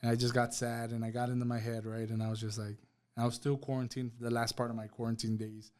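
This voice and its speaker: A man guesting on a podcast tells a story about himself in easygoing conversation. His mid-range voice is a little mellow, fast-paced, and barely moves in pitch, and he quotes what was said while leaning on "right?" and "bro."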